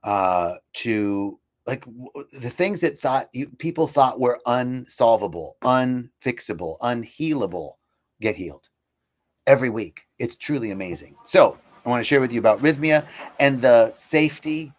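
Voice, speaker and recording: A man hosting an inspirational live talk, telling stories in an animated way and laughing easily. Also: mid-range voice, unhurried. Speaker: host.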